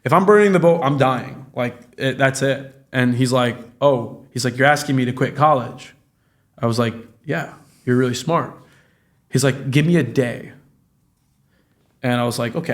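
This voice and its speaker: A guy in his late twenties, a real estate business owner, is a guest on a casual podcast. He talks at a mid pitch and swears a lot. He tells animated stories, acting out everyone's lines himself.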